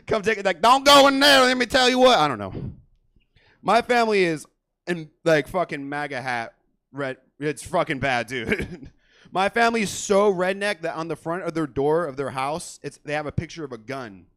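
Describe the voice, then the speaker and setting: A man doing crude stand-up comedy as the host of a comedy club show, hyping the crowd loudly. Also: a little high, animated, normal speed, dry recording.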